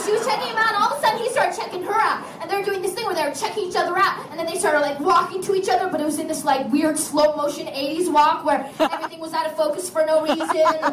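A squeaky tiny girl sidekick. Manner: rapid raunchy storytelling, giggling. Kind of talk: live comedy stage monologue. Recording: roomy live clip from far off, loud crowd and noise.

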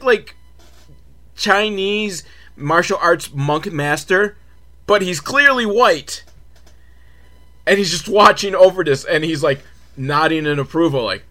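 A man's voice: high voice, a bit bright. A man hosting a comedic film recap, talking sarcastically and profanely with laughing asides. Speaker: host.

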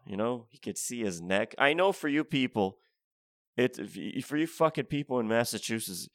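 A man's voice: fairly low pitch, no room sound, studio quality. A man ranting in a profane comedy monologue, rambling and often restarting his sentences.

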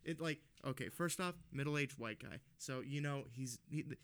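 A man's voice: mid-range voice, normal speed, fairly bright tone. Heated, swearing man ranting on a podcast. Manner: profane, ranting storyteller with laughs. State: still worked up and heated. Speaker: podcast co-host. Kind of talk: casual podcast chat.

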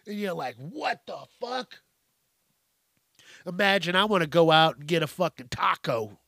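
A man's voice: on the high side, a little fast, vocal fry, pushed and bright, no room sound, clean studio sound. A man hosting a podcast, ranting casually with heavy profanity and exasperation. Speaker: podcast host. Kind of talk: casual solo rant.

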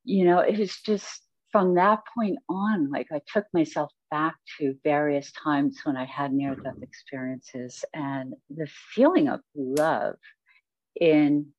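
In a deep voice and at a slow pace, a woman being interviewed tells her life story, reflective and rambling with lots of fillers. The sound is dull and dry, without echo.

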